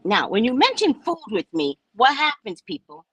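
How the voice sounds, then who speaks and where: Woman, husky, swooping pitch, casual story, swears, dry close sound. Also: normal speed, few pauses, no room sound, poor audio. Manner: animated, swears, keeps asking "right?". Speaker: vlogger, spiritual reader.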